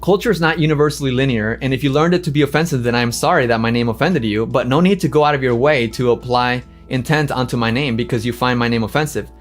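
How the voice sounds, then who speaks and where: A man's voice: mid-range voice, fast talker, hardly any pauses, soft background music. A man from Los Angeles hosting his own channel, animatedly reading comments aloud and answering them with sass. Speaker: channel host. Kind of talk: livestream commentary.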